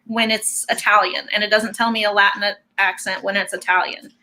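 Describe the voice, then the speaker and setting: A woman's voice: mid-range voice, little pitch movement, fairly quick, sharp tone. A woman hosting a casual online karaoke chat on a video call, explaining things patiently and moving the session along.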